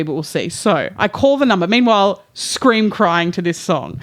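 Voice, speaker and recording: A young adult woman, co-hosting a podcast in casual chat, telling a story with lively quoted voices and frequent swearing. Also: medium pitch, moderate pace. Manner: animated storytelling, acts out quotes, swears freely. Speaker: podcast co-host.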